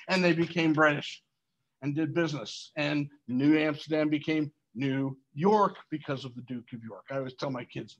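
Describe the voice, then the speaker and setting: Brief: lively male history teacher, higher-pitched voice, questions the class. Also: a little fast. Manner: animated, asks the class questions.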